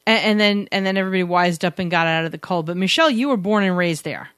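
A woman's voice: fairly low pitch, quick pace, a bit bright, clean tone, no echo, clean studio sound. A woman co-hosting a podcast, chatting casually and teasing her co-host, often rambling and contradicting him. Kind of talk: casual banter and interview.

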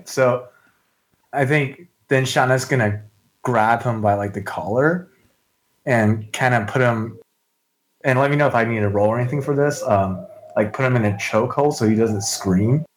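A man's voice: mid-range voice, normal speed, a little hiss or hum, rough recording. A man playing in a tabletop game, talking through his character's moves hesitantly, with many likes and restarts. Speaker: player.

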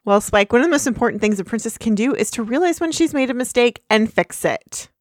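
Brief: woman doing an earnest young pony princess, lifted pitch, dry. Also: lively intonation, quick pace, no room sound, close to an everyday voice.

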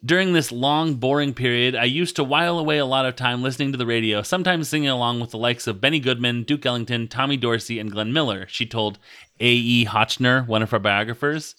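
A man's voice: mid-range voice, fairly quick, pushed and bright, smooth. A man hosting a casual podcast, reading a biography aloud with joking asides. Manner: joking, chatty, playful asides.

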